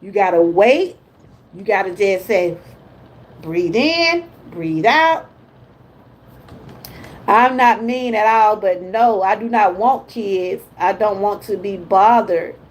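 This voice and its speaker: A woman's voice: mid-range voice, unhurried, rough recording. An older woman hosting a casual motivational livestream, chatty and folksy, talking to viewers as she reads out their comments. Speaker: lifestyle vlogger hosting a livestream.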